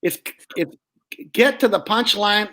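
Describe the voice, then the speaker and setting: A man, a ventriloquist guest, telling show-business stories in an animated, chatty way. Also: high voice, a little slow. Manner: animated storyteller, chuckling at old jokes. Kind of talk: casual interview chat.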